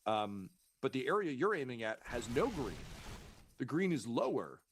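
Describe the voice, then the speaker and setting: A man's voice: mid-range voice, big pitch swings, normal speed. A man running a tabletop role-playing game as game master, casual and profane, with many fillers. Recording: noisy stream mix.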